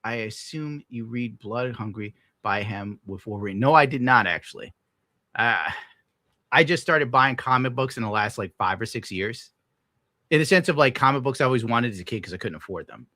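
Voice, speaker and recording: Clean studio sound with no room echo captures a young adult man, a podcast host, whose bright, forceful voice is expressive at a moderate pace. His casual stream rant is sarcastic and exasperated, with lots of swearing and sudden high-pitched outbursts of outrage.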